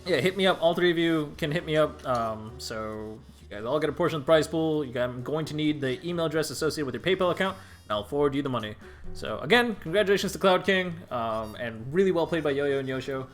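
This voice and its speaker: A man co-commentating and running a fighting game tournament stream, easygoing and measured. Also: a little high, expressive, faint music behind. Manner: easygoing, measured, adds analysis. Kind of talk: casual esports commentary.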